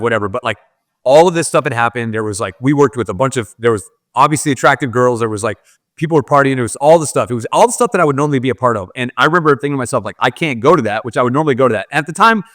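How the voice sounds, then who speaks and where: A man's voice: medium pitch, a bit bright, dry recording, clean studio sound. A man, a podcast guest, telling a personal story in candid, casual talk full of "like" fillers.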